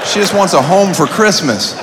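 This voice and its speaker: A man's voice: high voice, lively intonation, moderate pace, a loud crowd. A man doing a wry, indignant stand-up comedy set on a comedy club stage, recorded live in a noisy club. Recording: reverberant live room with noise.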